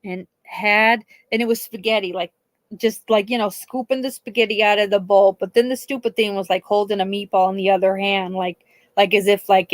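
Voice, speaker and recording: A woman's voice: mid-range voice, steady tone, fairly quick, no room sound. Chatty, foul-mouthed woman telling stories. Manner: chatty, swearing, laughing, acts out quoted people. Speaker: host. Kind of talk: casual storytelling on a live stream.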